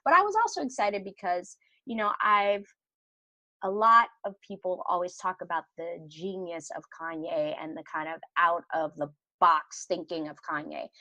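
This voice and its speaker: Woman, middle-aged, low-pitched, dry studio mic, conversational, acts out quotes. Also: normal speed, dry recording, highs cut off. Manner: animated, acts out quoted dialogue. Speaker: podcast guest. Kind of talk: conversational storytelling.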